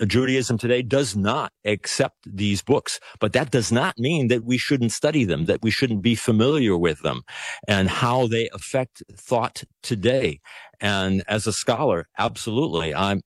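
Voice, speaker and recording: A man with a fairly low voice speaks as a guest scholar on a call-in show. He talks in halting bursts, restarting and stammering through his phrases. The sound is close and dry. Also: no echo. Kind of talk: radio call-in discussion.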